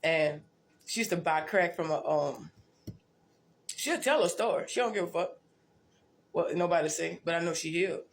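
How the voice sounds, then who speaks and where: A woman's voice: on the low side, lively intonation, normal speed, long pauses, a little hiss or hum. A woman tells her life story in a blunt, profane, rambling way, often restarting and repeating herself. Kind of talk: casual storytelling monologue.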